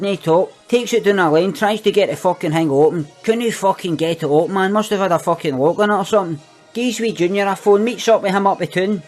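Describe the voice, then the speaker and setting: A man's voice: high-pitched, lightly acted. A man playing a young Glaswegian petty thief who boasts about his crimes in sweary street slang. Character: cocky young Glasgow petty thief, boastful and foul-mouthed. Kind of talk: comic monologue.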